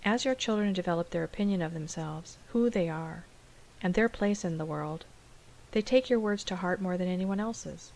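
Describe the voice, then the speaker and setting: A woman special education teacher explaining things in a calm, measured, scripted dialogue. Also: lowish voice, vocal fry, rough recording.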